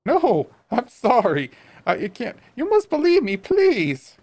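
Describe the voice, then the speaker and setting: A man voicing a timid male shopkeeper in a video game, high and jittery, begging and fussing. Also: wildly swooping pitch, slow, a little mellow, no room sound, heavily acted. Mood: pleading. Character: timid nervous male shopkeeper, pleading and fussy.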